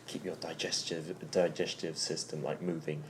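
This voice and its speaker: A man in a relaxed, chatty conversation who laughs easily. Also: a bass voice, normal speed, a little hiss or hum. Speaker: conversation partner in a lesson dialogue. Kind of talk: casual chat.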